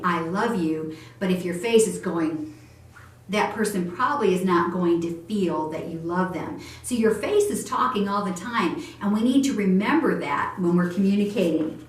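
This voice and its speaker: A woman teaching a church family class on communication, gentle and encouraging, showing how tones of voice sound. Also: mid-range voice. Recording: echoey room, voice from far off.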